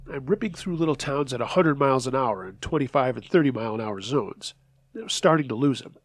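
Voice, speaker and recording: A man narrating true scary stories as the host of a horror story show, reading in a measured, steady voice. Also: mid-range voice, vocal fry, breathy edge.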